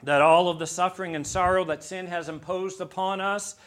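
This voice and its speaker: A male pastor preaching a sermon, moving between loud emphatic lines and quiet, hushed ones. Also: steady tone, brisk. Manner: preaching with wide swings from loud emphasis to hushed low tones.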